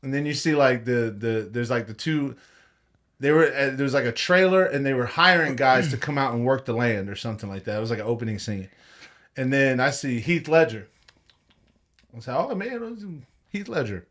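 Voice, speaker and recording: A young man hosting a podcast, telling a story in casual chat, animated and profane, laughing often and acting out quotes. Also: mid-range voice, a little fast. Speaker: podcast host.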